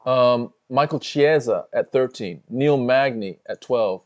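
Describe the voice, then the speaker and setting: A man's voice: medium pitch, slow, darkish tone, highs cut off. A man co-hosting a live fight watch-along, talking loosely and swearing while fiddling with the stream. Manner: loose, profane, talks while working the screen. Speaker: livestream co-host. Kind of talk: casual watch-along chat.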